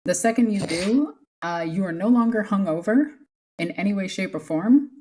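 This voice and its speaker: A woman's voice: medium pitch, expressive, normal speed, darkish tone. A woman running a tabletop game as game master, easygoing and often laughing.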